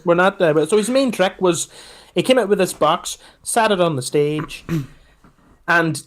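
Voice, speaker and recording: Male co-host, lively swooping pitch, sweary animated storyteller. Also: measured pace. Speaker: podcast co-host. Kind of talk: casual chat.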